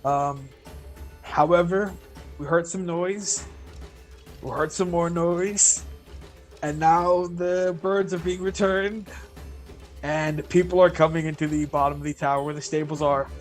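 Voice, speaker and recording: A man's voice: on the high side, steady tone, a little slow, long pauses, soft background music. A man playing in a tabletop game, recapping in a casual, easygoing way and prone to chuckling. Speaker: player.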